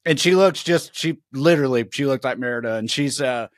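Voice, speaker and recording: A man's voice: medium pitch, brisk, dry recording, clean studio sound. A man from the Southern United States with a Southern accent, co-hosting a podcast and telling a story in a loose, profane way. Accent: Southern American. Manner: loose, profane, animated, with restarts. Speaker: podcast co-host. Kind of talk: casual storytelling chat.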